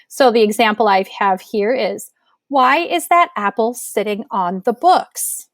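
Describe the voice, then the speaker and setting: A woman teacher with a fairly high voice explains a grammar lesson clearly and patiently. Each point gets a spoken example. She is recorded close on a dry mic with no room sound. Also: unhurried, dry recording.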